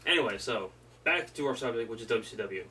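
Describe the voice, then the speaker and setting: A podcast co-host, this man rambles loosely through a casual chat on wrestling history, swearing now and then. His medium-pitched voice is animated, fast, pushed and bright, picked up by a distant mic with faint room noise.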